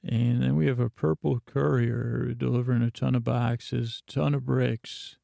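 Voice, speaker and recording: A gravelly-voiced man of medium pitch hosts a podcast, delivering a meandering bedtime recap packed with fillers. He speaks at a measured pace in a monotone, and the studio recording is clean with no room sound.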